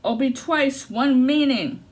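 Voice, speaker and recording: A woman giving a casual, profane tarot reading, swinging between loud outbursts and low muttering. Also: slow pace. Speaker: tarot reader.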